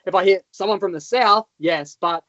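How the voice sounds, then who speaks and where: Man, Australian accent, high voice, rambling fillers, dull lo-fi recording. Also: moderate pace, fairly bright tone, dry recording. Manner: rambling, many fillers and restarts. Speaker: guest, freestyle motocross rider. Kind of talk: casual interview chat. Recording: dull, lo-fi sound.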